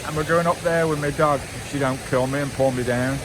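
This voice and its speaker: A man's voice: fairly high pitch, steady tone, brisk, noisy background. A man chatting casually to his viewers while he walks a wooded hillside trail. He rambles, keeps calling out to the viewers and his dog, and records on a handheld camera outdoors. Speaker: vanlife vlogger. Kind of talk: casual walking vlog chat to viewers.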